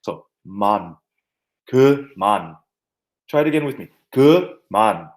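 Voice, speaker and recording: An animated male martial arts instructor teaches basic terms with playful memory tricks. His pitch swings widely as he jokes and demonstrates, and his delivery is loose and conversational. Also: unhurried. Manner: animated, jokey, sings and mimics to teach words. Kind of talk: teaching terminology with playful mnemonics.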